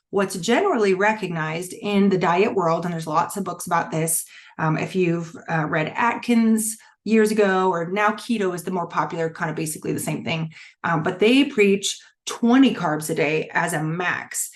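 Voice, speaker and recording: A middle-aged woman coaching a wellness challenge, talking candidly and casually with many fillers and restarts. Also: on the low side. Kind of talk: casual teaching talk.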